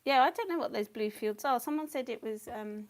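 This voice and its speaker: A middle-aged woman, chatting casually and rambling while she paints, often slipping into soft whispers. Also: on the high side, lively intonation, a little fast. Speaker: painting channel host.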